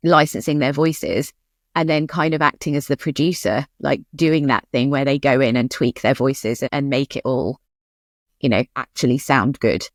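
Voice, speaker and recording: A woman's voice: very deep voice, no echo, studio quality. A woman co-hosting a podcast, asking questions and chatting casually. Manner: quick questioning, conversational. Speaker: podcast co-host. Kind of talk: casual chat.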